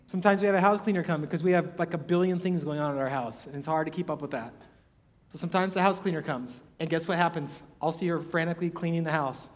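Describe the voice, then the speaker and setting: A man's voice: sits high, big-room sound. A man preaching a sermon in a conversational way, full of rhetorical questions and acted-out quotes.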